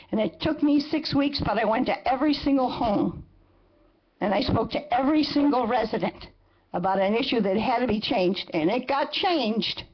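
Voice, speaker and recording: A resident in her seventies gives heated public comment at a council meeting, her high voice husky and the sound lo-fi. She is indignant and emphatic, repeating phrases for force.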